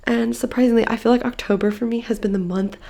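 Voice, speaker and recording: Young woman, twenties, tired, chatty, gravelly voice, casual bedroom vlog. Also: on the high side, steady tone, fast talker, warm tone. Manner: chatty, frequent "like" fillers. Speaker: book vlogger.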